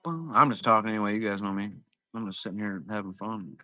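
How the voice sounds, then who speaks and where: A man's voice: on the low side, fast talker, pushed and bright, dry recording. A middle-aged man chatting casually on a live selling stream, rambling through stories, swearing freely and laughing at himself. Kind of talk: casual chat. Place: at home, sitting.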